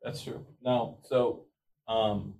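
A man co-hosting a podcast, chatting casually and explaining topics in a relaxed way. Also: on the low side, drawn-out words, vocal fry, slight background noise, low-quality recording. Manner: relaxed, explanatory, light laughter. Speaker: podcast co-host. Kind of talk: casual chat.

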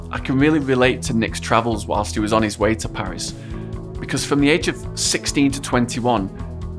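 A man hosting a podcast, asking questions and reflecting earnestly. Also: mid-range voice. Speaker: podcast host. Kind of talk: interview and reflective monologue. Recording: music bed under voice.

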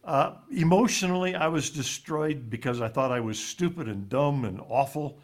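A man, an author being interviewed, telling a personal story in a halting way, often repeating words, his voice dropping low and quiet on the painful parts. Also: lively intonation. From raised in Ivory Coast.

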